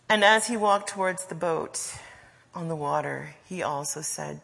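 A woman preaching a sermon, slow and deliberate, with soft trailing endings. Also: on the low side, steady tone, creaky, big-room sound.

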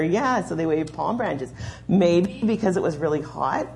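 A woman's voice: on the low side, expressive, a little slow. A woman leading a children's sermon in a church, patiently explaining and giving step-by-step instructions. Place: church sanctuary.

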